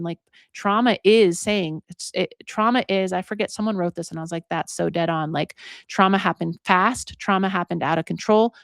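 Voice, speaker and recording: A woman's voice: medium pitch, dry recording, clean studio sound. A woman in her forties talking through her own healing in a reflective, conversational monologue, leaning on "like" a lot as she thinks aloud. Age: 40s. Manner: conversational, heavy use of "like", earnest. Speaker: podcast host.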